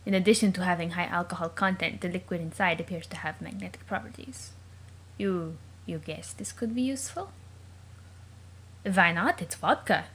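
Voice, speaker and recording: A woman's voice: lowish voice, moderate pace, fairly bright tone, husky. A woman hosting a let's play, reading a webcomic aloud and breaking off into chatty, joking asides and questions she wonders about aloud. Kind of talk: casual read-aloud with commentary.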